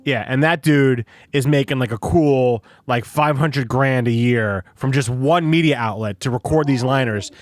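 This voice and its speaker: A man's voice: mid-range voice, normal speed, hardly any pauses, no echo. A young man hosting a podcast in casual chat, rambling and swearing, recorded on a studio microphone. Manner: swearing, rambling, laughs often. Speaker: podcast host.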